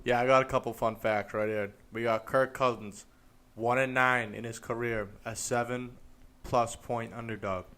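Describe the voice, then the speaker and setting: A man's voice: medium pitch, fairly even intonation, normal speed, fairly bright tone. Laid-back young man reading betting stats. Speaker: podcast co-host. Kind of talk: casual sports betting chat.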